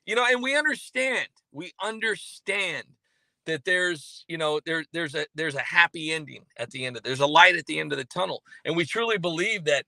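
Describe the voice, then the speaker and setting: A man hosting a casual livestream from a coffee shop, reading chat names and rambling with many fillers and restarts in a self-mocking deadpan way. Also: on the high side, fairly quick, vocal fry, few pauses, no room sound.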